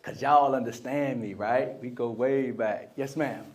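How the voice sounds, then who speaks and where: This man's medium-pitched voice keeps a measured pace as he gives an energetic live motivational keynote in a convention center hall. He drives call-and-response with the audience and performs the voices of people he quotes.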